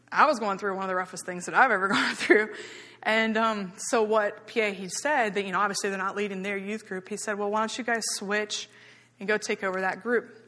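A woman speaks informally to a church about her missionary work, chatty and candid and teary at times. Her voice sits at an ordinary pitch, and the long reverb of a church hall trails each phrase. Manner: chatty and candid, laughing easily, softening when emotional. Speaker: missionary giving a church report.

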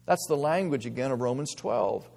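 A man preaching a sermon as pastor, earnest, moving between quiet reflection and emphatic stress. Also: medium pitch, lively intonation, normal speed, creaky. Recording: long reverb of a large hall.

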